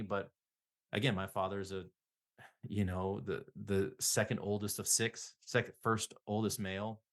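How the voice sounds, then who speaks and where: A middle-aged man, a psychotherapist guest, telling rambling self-deprecating stories in a casual interview. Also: on the low side.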